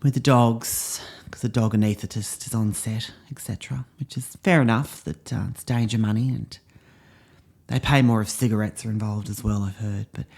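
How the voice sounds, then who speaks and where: A man's voice: on the low side, steady tone, moderate pace, a little mellow. A man playing a drama teacher who hosts his own show, talking in a self-important, rambling way full of ums and asides. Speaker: drama teacher character hosting a comedy podcast. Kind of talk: scripted comedy monologue in character.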